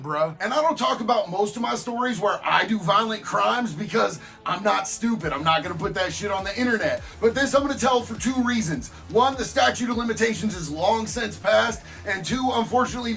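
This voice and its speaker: A man with a high-pitched voice tells a rough story from his past. His delivery is gravelly and full of fry, blunt and streetwise, with constant swearing. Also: fairly bright tone. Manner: blunt, profanity-heavy, streetwise slang. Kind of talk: profane true-crime storytelling monologue.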